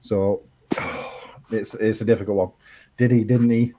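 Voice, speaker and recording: A man's voice: lowish voice, steady tone, measured pace, warm tone, lo-fi sound. A man chatting as a guest on a live stream, blunt, jokey and opinionated. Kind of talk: casual live-stream chat.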